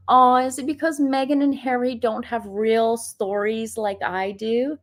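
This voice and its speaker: A woman's voice: a little high, little pitch movement, a little slow, few pauses. A woman, likely in her thirties, hosting a casual livestream, chatting and laughing often while reading viewer comments aloud. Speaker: livestream host.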